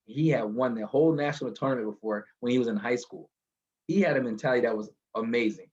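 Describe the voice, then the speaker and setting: A man telling a motivational story from his car, animated and building to a lesson, over a video call. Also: medium pitch, quick pace, dull audio. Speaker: guest speaker.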